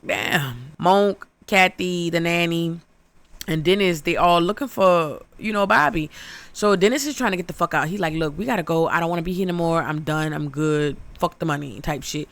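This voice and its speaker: A young woman tears through a horror movie recap in a loose, foul-mouthed comic rant, jumping into the characters' voices as she goes. Her voice is bright with a gravelly edge, and the sound is close and dry. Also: lowish voice, moderate pace, no echo. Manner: profane, animated, acts out characters with exaggerated voices. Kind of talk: casual comedic movie recap.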